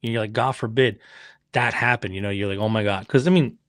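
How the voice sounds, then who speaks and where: A man's voice: fairly low pitch, fairly even intonation, brisk, dry recording, clean studio sound. A man who owns a racing team and is the father of a rider, telling stories in a casual podcast chat. He acts out quotes and swears freely.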